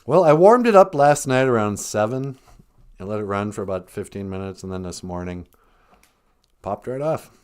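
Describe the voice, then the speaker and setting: A man's voice: on the low side, lively intonation, moderate pace, a little mellow, clean tone. A man hosting a comedy show, joking and chatting in an easygoing way. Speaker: host. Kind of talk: comedic cartoon show banter. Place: outdoors in winter, then indoors.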